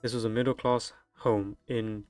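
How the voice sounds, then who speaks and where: A man's voice: lowish voice, little pitch movement, moderate pace, darkish tone, smooth, no echo, faint music behind. A young man reads delivery-driver stories aloud from the internet and breaks in with crude, joking reactions. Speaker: streamer reading online stories. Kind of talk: reading aloud with comedic commentary.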